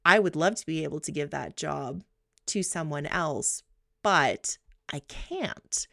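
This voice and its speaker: A woman co-hosting a podcast, telling stories in an animated, chatty way. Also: deep voice, slow, creaky, dry recording, studio quality. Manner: chatty, animated storytelling with laughs. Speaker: podcast co-host. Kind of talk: casual chat.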